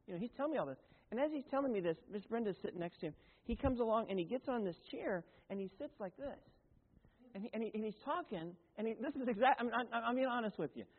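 A man's voice: high voice, expressive, fast. A man preaching a sermon as pastor, in a folksy, conversational way with asides and self-corrections. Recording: tinny, phone-like sound in a long-echoing hall.

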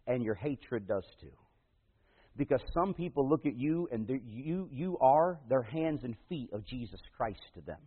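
A man preaching a sermon as pastor, telling a personal story in a folksy way, moving between loud emphatic passages and hushed slow ones. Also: medium pitch, lively intonation, husky. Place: church. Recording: tinny phone-like radio broadcast in a big reverberant hall.

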